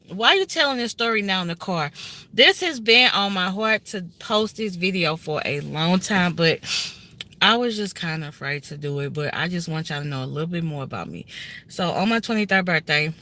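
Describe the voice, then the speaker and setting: A woman in her thirties speaks into a phone held at arm's length inside a car. Her voice is low-set but bright and forceful. She tells a personal story in an earnest, emotional way and often turns straight to her viewers. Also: expressive, a little fast. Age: 30s. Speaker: vlogger telling a personal story. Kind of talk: casual heartfelt story time.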